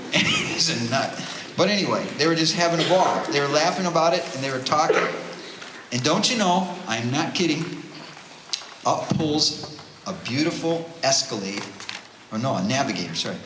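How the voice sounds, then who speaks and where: Forceful man telling a story in a hall. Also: on the high side, normal speed. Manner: animated, conversational storytelling. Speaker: retreat speaker, homeless ministry worker. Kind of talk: storytelling religious talk. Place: parish hall. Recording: roomy hall with faint noise.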